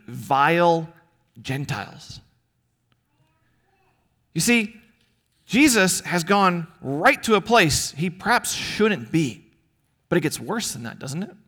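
Man, pastor, sermon, high voice, very lively pitch, earnest rhetorical questions. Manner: earnest preaching with dramatic pauses and rhetorical questions.

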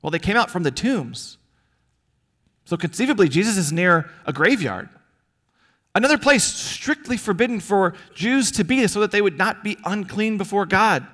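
A man preaching a sermon as pastor, earnest, with rhetorical questions and dramatic pauses. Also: high-pitched, expressive, a bit bright.

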